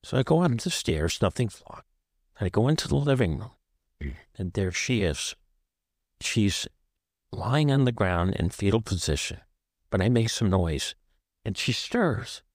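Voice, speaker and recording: A man's voice: on the low side, very animated, unhurried, long pauses, dry recording, clean studio sound. A man from the American Southwest, an author guest on an interview show, recounting a painful personal story in short, vivid present-tense sentences.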